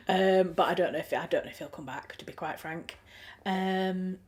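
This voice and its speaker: A woman with a Yorkshire accent hosts a relaxed livestream, chatting to viewers in an easy, friendly way. She thinks aloud, restarting sentences and filling gaps with ums. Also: lowish voice, moderate pace. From Yorkshire, England. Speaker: livestream host. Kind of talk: casual chat reading viewer comments.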